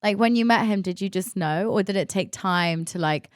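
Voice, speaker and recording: A woman's voice: mid-range voice, moderate pace, clear, resonant tone, dry recording, studio quality. Exclamatory woman podcast host. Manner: reactive and exclamatory, eager questions. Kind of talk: casual chat interview.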